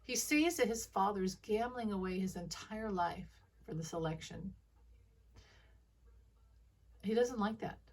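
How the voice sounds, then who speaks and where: A woman's voice: mid-range voice, recorded from a distance. A woman giving casual intuitive commentary in a rambling way, often restarting her sentences and laughing. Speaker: intuitive reader.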